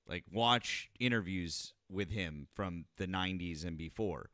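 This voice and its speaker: A man's voice: sits low, a little slow, bright, forceful tone, no echo, clean studio sound. A man hosting a casual panel chat, eager and emphatic.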